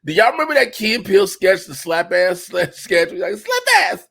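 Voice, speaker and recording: Animated storytelling man, lively pitch. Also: fairly quick, vocal fry. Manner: animated, swings into loud excited shouts and laughs. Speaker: podcast host. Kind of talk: casual storytelling.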